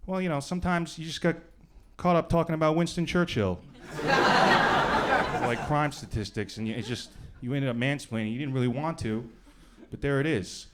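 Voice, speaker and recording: A male stand-up comedian from New York doing a club set in a conversational, deadpan style with bursts of acted voices. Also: fairly high pitch, normal speed. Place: comedy club stage before a live audience. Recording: live club recording with audience noise.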